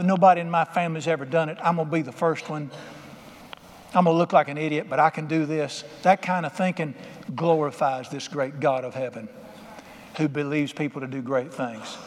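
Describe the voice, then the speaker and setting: A man preaching a sermon as pastor, exhorting his congregation and leading call-and-response. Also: fairly high pitch. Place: church sanctuary. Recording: long hall reverb with faint music.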